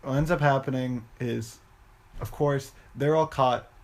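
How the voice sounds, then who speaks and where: A man's voice: medium pitch, fairly even intonation, unhurried. A man co-hosting a podcast, giving a casual, rambling film recap full of fillers and restarts. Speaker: podcast co-host.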